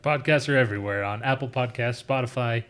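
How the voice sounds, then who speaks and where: A man's voice: mid-range voice, a little fast, a bit bright. A man on staff who answers the host's questions in a plain, matter-of-fact, informative way during a casual live stream. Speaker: staff member helping the host.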